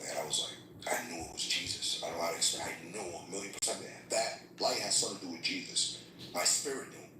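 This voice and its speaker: A man in his thirties tells an emotional personal testimony in blunt street slang. His voice sits low but has a sharp, bright edge. He sounds a little away from the mic, in a roomy space with a faint hiss behind him. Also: far from the mic. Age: 30s. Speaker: livestream host.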